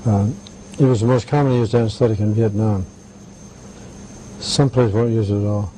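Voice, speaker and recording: An older man being interviewed, telling anecdotes in a halting way with many "right"s and "uh"s. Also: on the low side, steady tone, dark tone, a little hiss or hum, low-quality recording. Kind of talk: conversational interview.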